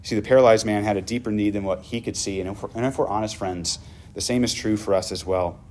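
A male pastor preaches a sermon, retelling a scene vividly. His voice is on the low side and often drops to a hushed, tender tone. A faint noise hums behind him. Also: fairly even intonation, fast talker. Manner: vivid storytelling, dropping to hushed tones.

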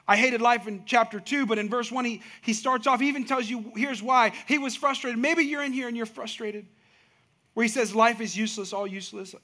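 A male pastor delivers a sermon in a high, bright voice. He tells everyday stories and builds them into emphatic outbursts. He sounds middle-aged. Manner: storytelling with rising emphatic outbursts.

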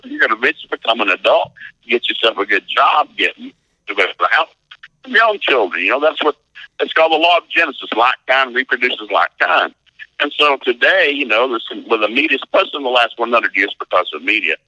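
Middle-aged male pastor, folksy storyteller; very bright, dry close sound. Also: mid-range voice, dry recording, low-quality recording. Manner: folksy, acts out voices in stories, laughs often. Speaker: pastor and marriage seminar teacher. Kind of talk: animated interview storytelling.

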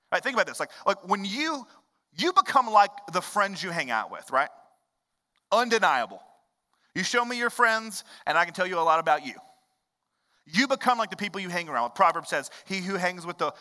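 A high, bright man's voice preaching a sermon, moving between brisk, chatty asides and slower, weighty lines. He talks like a pastor speaking to his congregation. A long reverb trails behind him in the church. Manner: animated, conversational preaching with quick asides.

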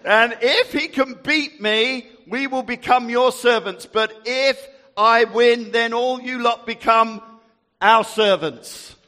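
Man putting on a bragging giant, loud taunting shout, bright voice, echoey hall. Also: very high voice, slow pace, exaggerated voice. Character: boastful giant male warrior taunting loudly.

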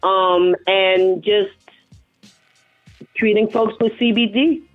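A woman's voice: mid-range voice, steady tone, slow. A woman from the South Bronx with a New York accent, speaking frankly and playfully as a guest on a phone interview. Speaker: guest, health professional. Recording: tinny phone line with faint music.

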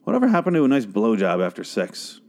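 A man's voice: fairly low pitch, huge pitch swings, fast, darkish tone. A young man giving a casual, profane, rambling recap of a TV episode, with crude, exasperated rants. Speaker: show recap podcaster.

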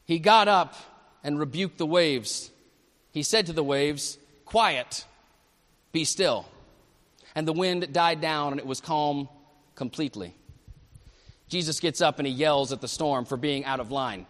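A male pastor preaching a sermon at a church service, animated and asking the congregation questions. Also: on the high side, normal speed, in a large hall.

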